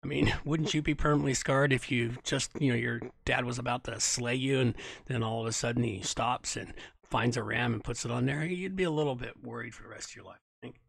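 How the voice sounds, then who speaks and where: A man hosting a Bible reading with casual commentary. He reads at a measured pace, stops to correct himself, and adds wry, sarcastic asides. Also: mid-range voice, creaky, fairly bright tone, husky, dry recording. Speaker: host reading scripture.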